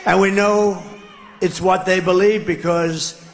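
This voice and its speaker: A man's voice: high voice, fairly even intonation, slow pace. A man speaking at a political rally in a rambling, repetitive, mocking way. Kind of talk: rally speech. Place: outdoor rally stage. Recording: noisy rally clip with crowd ambience.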